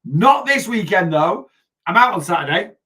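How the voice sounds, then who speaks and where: A man's voice: high voice, big pitch swings, normal speed, bright, forceful tone. A middle-aged man with a Lancashire accent, hosting a casual weight loss live stream, chatty and rambling with restarts and asides, greeting viewers by name. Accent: Lancashire English. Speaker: weight loss livestream host. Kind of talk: casual livestream chat.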